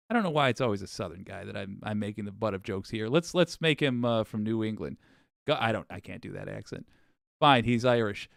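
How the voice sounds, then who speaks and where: A young man hosting a political livestream show in a wry, chatty way, with asides and his voice going hoarse. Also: mid-range voice, fairly quick, a bit bright, no room sound, clean studio sound. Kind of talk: casual livestream talk.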